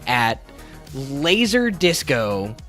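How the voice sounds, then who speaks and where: A man's voice: mid-range voice, big pitch swings, very slow, fairly bright tone, soft background music. A man co-hosting a movie podcast, ranting and joking in casual chat. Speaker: podcast co-host.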